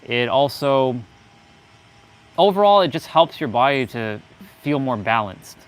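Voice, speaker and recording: A man's voice: medium pitch, lively intonation, measured pace. A man hosting a fitness livestream, talking in a loose, rambling, joking way. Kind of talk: casual livestream chat.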